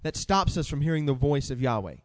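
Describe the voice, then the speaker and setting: A man preaching a sermon with animated delivery, asking the congregation questions and reading scripture aloud. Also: mid-range voice, brisk, in a large hall.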